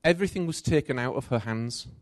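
A middle-aged man preaches a sermon at a quick pace and tells a personal story, swinging between loud and soft as his pitch rises and falls with lively movement. The recording is dry and close, with no room sound.

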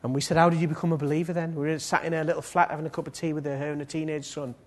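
A man preaches a sermon and leads prayer, swinging between loud, pleading appeals and soft, low passages. His delivery is flat and racing.

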